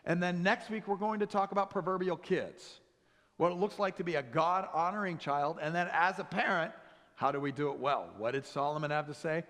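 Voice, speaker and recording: Male pastor, high voice, humorous storytelling sermon, big reverberant church. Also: a little fast, a bit bright. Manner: humorous storytelling, acts out dialogue. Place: church sanctuary. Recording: long church hall reverb.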